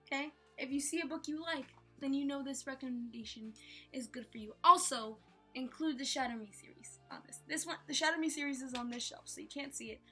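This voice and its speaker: A woman with a high, bright, sharp-edged voice rambles playfully through a casual book review, often stopping to correct herself. She talks from a room at home lined with bookshelves. Soft music plays faintly behind her. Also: brisk. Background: faint background music.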